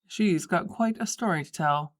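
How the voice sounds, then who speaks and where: A woman's voice: fairly low pitch, normal speed, pitched below the performer's own voice, lightly acted. A woman voicing a laid-back, teasing young man in an audiobook. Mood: calm. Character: easygoing young man, playful, helpful boyfriend.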